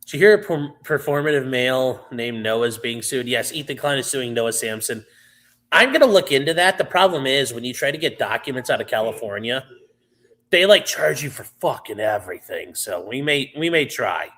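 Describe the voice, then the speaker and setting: A man's voice: mid-range voice, animated, moderate pace, fairly bright tone. A man hosting a livestream in a loose, rambling chat with viewers, full of fillers and casual swearing. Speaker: livestream host.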